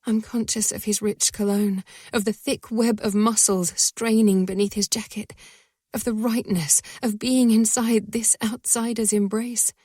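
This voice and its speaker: A woman narrating a first-person romance audiobook in a soft, breathy voice that often sinks to a whisper. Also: medium pitch, level tone, a little slow, no echo, clean studio sound.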